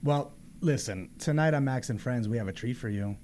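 A man's voice: mid-range voice, a little fast, a little mellow, slight background noise. A man hosting a radio talk show, playful and chatty, laughing easily with his guest. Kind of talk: casual radio interview.

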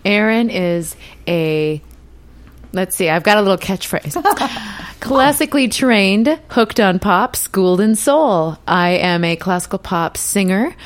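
A woman's voice: medium pitch, measured pace. A woman from Minnesota with a general American accent, a singer and actress chatting amiably as a studio guest. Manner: friendly, chatty, easy laughter. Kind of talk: interview conversation.

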